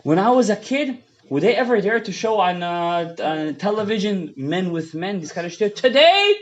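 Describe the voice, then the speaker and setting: A man giving a fiery Torah lecture as a rabbi, swinging between loud outbursts and hushed asides, mixing English with Hebrew terms, on a dull lo-fi recording. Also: high voice, very animated, normal speed. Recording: dull lo-fi audio.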